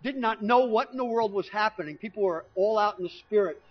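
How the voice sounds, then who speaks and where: A middle-aged man preaching, telling a lively personal story from the pulpit and acting out what his family said. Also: sits high, fairly quick. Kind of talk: sermon testimony storytelling. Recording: dull lo-fi recording.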